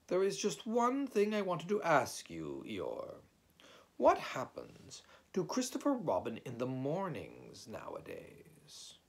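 A man reading aloud, voicing a brisk, self-important male rabbit who speaks in quick, busy bursts. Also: on the high side, huge pitch swings, vocal fry, breathy edge, pitched above the performer's own voice, full character voice. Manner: brisk, hurried.

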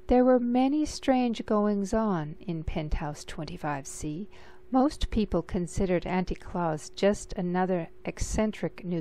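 A woman reading a picture book aloud in a gentle, measured storytelling manner. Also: lowish voice. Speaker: storybook reader.

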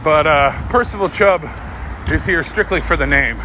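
A man's voice: on the high side, animated, brisk, heavy background noise. A man hosting a podcast while out on a walk, talking into his phone in a rambling, joking monologue with self-mocking asides. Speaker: podcast host. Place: outdoors on a walk.

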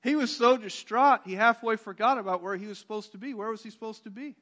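A man's voice: sits high, quick pace, fairly bright tone. A male pastor retelling a Bible story in a sermon, animatedly acting out the characters' voices.

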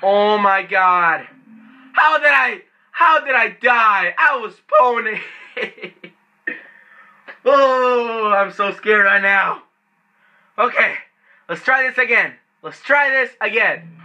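A man commenting on his own gameplay, panicking and cursing loudly at the game, then muttering to himself while sneaking. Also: high-pitched, slow pace, muffled recording. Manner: yells and swears in panic at the game. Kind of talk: let's play commentary.

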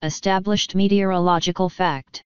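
A woman's voice: on the low side, steady tone, normal speed, clean tone, no echo, lo-fi sound, close to an everyday voice. A woman voicing a small, amused male picture imp who speaks dryly and casually. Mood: matter-of-fact.

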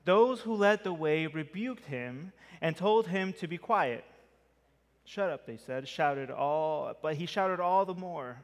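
A man preaching a sermon as a pastor, in a conversational style with lively emphasis. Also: on the high side, unhurried, long reverb tail. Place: church sanctuary.

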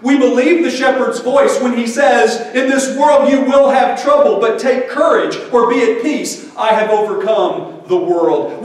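A man preaching a sermon in an earnest, measured way and reading scripture aloud. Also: very high voice. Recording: echoey hall, far from the mic.

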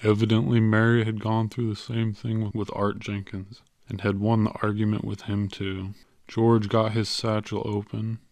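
A man narrating an audiobook in a measured, even way. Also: fairly low pitch, no echo. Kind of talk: scripted narration.

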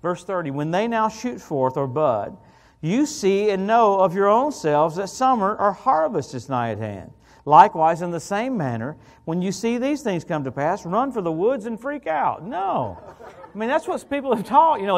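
Animated high-voiced preacher man. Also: moderate pace. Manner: animated, joking, calls out "hallelujah" and "come on". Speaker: guest preacher. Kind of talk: evangelical sermon.

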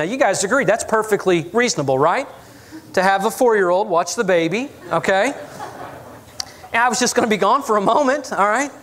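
A man's voice: high voice, a bit bright. A man preaching a sermon as pastor, telling stories with humor and asking the congregation for agreement. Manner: storytelling with audience asides; self-deprecating humor.

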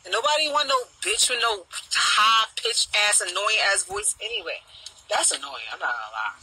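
A middle-aged woman with a deep voice, ranting bluntly and profanely on a talk show panel, firing off mocking repeated questions. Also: animated, normal speed, pushed and bright, husky, poor audio. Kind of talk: casual chat, ranting.

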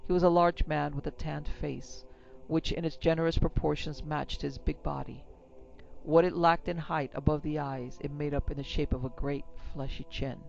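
A man narrating an old western story in a measured, steady reading. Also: fairly high pitch, vocal fry, muffled recording, faint music behind.

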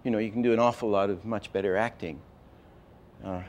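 An older man teaching animation, telling stories in a lively way and acting out example lines, with many restarts. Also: on the low side, a little fast. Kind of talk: lecture with acted-out examples.

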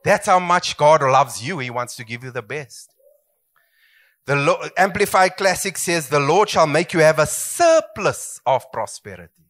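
A man's voice: fairly high pitch, sing-song, a little slow, a bit bright. A middle-aged man preaching a sermon as pastor, emphatic and swooping, calling for amens.

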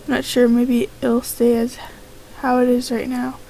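High-pitched woman gamer, reads all game dialogue herself, quick asides, faint hiss behind. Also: monotone, creaky, mellow, poor audio. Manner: reads each character's lines in her own voice, reacts with exclamations. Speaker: let's play gamer. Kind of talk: reading game dialogue aloud with commentary.

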